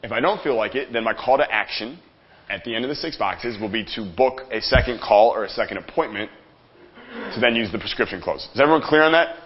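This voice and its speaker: A man's voice: mid-range voice, expressive, fast, dull audio. A man coaching a live workshop audience on closing sales, talking energetically and joking with the room.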